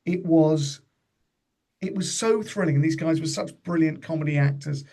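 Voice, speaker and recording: Gravelly, husky man telling anecdotes. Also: a little high, normal speed, dark tone. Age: 50s. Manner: chatty storyteller, voices quoted people. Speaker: comedian guest. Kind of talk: casual podcast anecdote.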